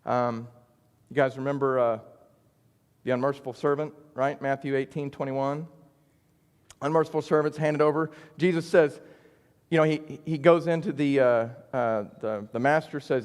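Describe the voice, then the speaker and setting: A man's voice: medium pitch, fairly even intonation, fairly quick, clear, resonant tone, long reverb tail. Earnest man teaching Bible study. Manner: conversational, earnest, frequent "right?" check-ins. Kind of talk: church Bible study lesson.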